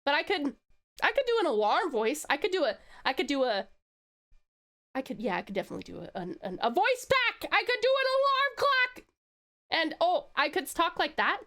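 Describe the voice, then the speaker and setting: Aussie lady streamer, playful and teasing, high voice that bounces all over. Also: moderate pace. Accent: Australian. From Tasmania, Australia. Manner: playful, teasing, bursts of excited squeals. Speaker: VTuber streamer. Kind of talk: casual live-stream chat.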